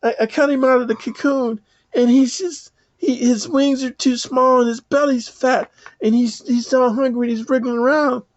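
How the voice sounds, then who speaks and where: A man voicing a naive little girl who is eager to help, in a high squeaky falsetto. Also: fairly even intonation, normal speed. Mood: pleading. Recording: dull lo-fi dry sound.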